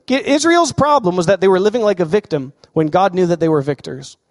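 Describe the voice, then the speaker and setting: A man with a high voice preaches a lively sermon, asking the congregation questions. His voice rings out with a long reverb in a large hall. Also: brisk, hardly any pauses. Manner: animated preaching, asks the crowd questions. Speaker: pastor.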